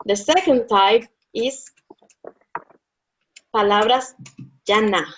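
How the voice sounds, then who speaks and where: On a dull lo-fi recording, a woman speaks slowly in a slightly high voice while tutoring Spanish. She lays out each rule patiently in steps, goes back over key words, and confirms her student is following along.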